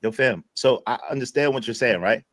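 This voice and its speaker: A man's voice: mid-range voice, brisk, a bit bright, dry recording. A man in his late forties hosting a casual panel debate, pressing his question again and again. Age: 40s.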